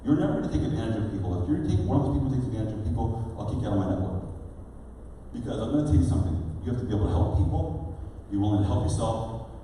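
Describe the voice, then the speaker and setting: A middle-aged man giving a motivational seminar speech, energetic and firing rhetorical questions at the crowd. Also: lowish voice, very fast, a little hiss or hum. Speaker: real estate seminar speaker. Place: large event hall. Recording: echoey hall recording from far off.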